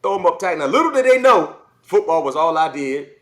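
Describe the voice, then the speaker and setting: A man in his forties from South Carolina, telling stories in a casual podcast chat, animated and repeating words as he goes. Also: on the high side, a little fast. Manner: animated, repeats words, acts out kids' voices. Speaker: former football player guest.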